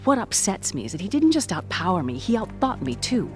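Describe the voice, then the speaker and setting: A woman voicing a flirtatious, confident adult woman in a game cutscene, breathy and teasing, with music behind. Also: mid-range voice, big pitch swings, a little fast, close to an everyday voice. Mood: bitter. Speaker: game character. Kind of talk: video game cutscene acting. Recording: game audio under score music.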